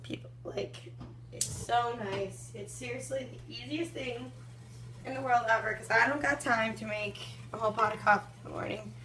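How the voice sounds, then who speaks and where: A woman's voice: a little high, normal speed, a bit bright, a little hiss or hum. A young woman in her twenties vlogging at home in the morning, chatting in a rambling way full of fillers, with a groggy morning voice. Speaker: fitness vlogger. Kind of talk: casual morning vlog chat.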